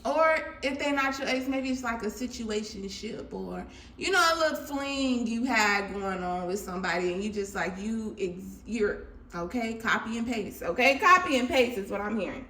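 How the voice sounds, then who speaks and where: An animated woman talks viewers through a tarot reading in a fairly high, bright voice. She laughs easily and swings between loud bursts and low asides. The sound carries a noticeable room echo. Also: moderate pace. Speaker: tarot reader. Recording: echoey room.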